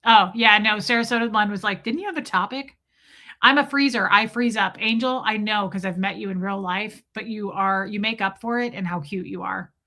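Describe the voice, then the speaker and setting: A woman hosting a casual live stream and chatting with viewers, animated and quick to laugh, swearing freely. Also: mid-range voice. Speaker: live-stream host reading chat.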